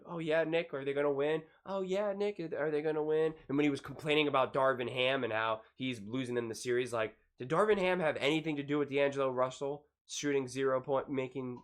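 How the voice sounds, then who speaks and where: A man's voice: mid-range voice, fairly bright tone. A man giving online sports reaction commentary in an exasperated, ranting way.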